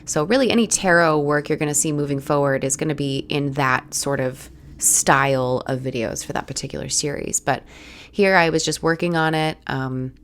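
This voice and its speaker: A young woman talks over her art footage in a relaxed, rambling way, full of little restarts and "like"s. Her voice is low and raspy from a head cold. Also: normal speed, a little hiss or hum. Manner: rambling, casual, many "like"s and restarts. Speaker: art channel host.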